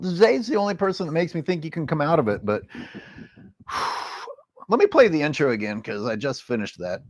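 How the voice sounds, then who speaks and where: A man's voice: on the high side, very animated, moderate pace, dry recording. A man co-hosting a sports rant livestream, talking in a sarcastic, stammering ranting manner. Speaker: co-host.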